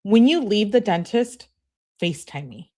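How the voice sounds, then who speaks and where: A woman's voice: mid-range voice, sing-song, a little slow, mellow, pitched above the performer's own voice. A woman reading out the texts of a complaining, whiny young woman who pleads with her boyfriend.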